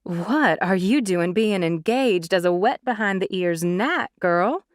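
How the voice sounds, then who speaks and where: A woman reading as a serious young Southern woman, slow lazy drawl, dry close sound, sounds like a storybook recruit with no nonsense in her. the narrator keeps her pitch in an ordinary middle range. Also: lively intonation, dry recording. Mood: wry.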